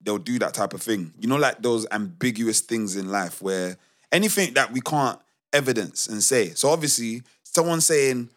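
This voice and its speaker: A man's voice: on the low side, animated, normal speed. A man co-hosting a casual podcast, telling a story emphatically with lots of restarts. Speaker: podcast co-host.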